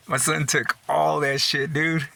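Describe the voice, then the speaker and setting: A middle-aged man, the host of a storytelling show, spins casual, profane yarns packed with "dude" and "you know," chuckling through his own tales. His voice sits a little high and creaky, bright and forceful, with lively intonation and a slow pace. Slight background noise is audible.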